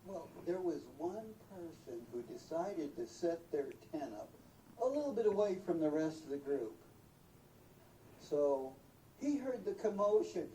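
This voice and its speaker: An older storyteller telling a folksy tale aloud, animated and acting out voices and sounds, recorded from a distance in a roomy space. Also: medium pitch, a little slow. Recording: roomy, distant mic, faint noise.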